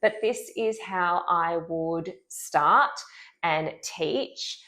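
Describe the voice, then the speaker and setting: A woman speech pathologist giving an instructional lesson, clearly and deliberately modeling speech sounds. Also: fairly low pitch, a bit bright.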